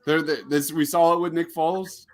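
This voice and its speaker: A man's voice: on the high side, flat delivery, brisk, dry recording. A man co-hosting a live watch-party podcast, sarcastic and exasperated. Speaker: podcast co-host.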